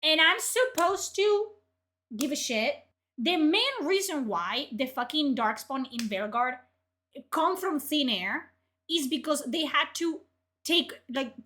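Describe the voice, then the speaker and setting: Swearing and shouting in anger, this young streamer rants about the articles she's reacting to. She speaks in a high-pitched voice, without hurrying.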